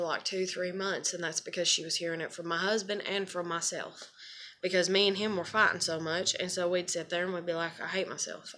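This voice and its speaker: Mother in her thirties for a home vlog: lowish, bright voice, rambling and frustrated, curses casually. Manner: rambling, frustrated, swears freely. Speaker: mother vlogging.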